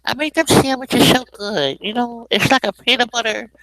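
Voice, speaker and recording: A man's voice: extremely high pitch, moderate pace, vocal fry, sharp tone, no room sound, pitched above the performer's own voice, full character voice, rough recording. A man putting on a chatty male sandwich chef who rambles about his sandwiches, padding his talk with "you know". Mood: boastful.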